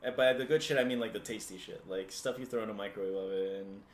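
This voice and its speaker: A man's voice: lowish voice, quick pace. Male podcast host, laid-back storyteller, casual swearing, roomy echo, faint noise. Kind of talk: casual chat.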